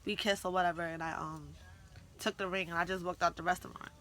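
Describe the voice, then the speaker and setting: A young woman telling a story in a casual vlog, animated, slangy and full of swearing. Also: lowish voice, fast talker, a little hiss or hum. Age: young adult. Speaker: vlogger.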